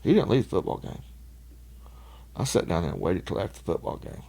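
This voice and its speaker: Gravelly man, folksy and profane. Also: sits low, sing-song, brisk, dark tone. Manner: swearing, laughs often, folksy. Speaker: podcast guest. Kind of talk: casual storytelling.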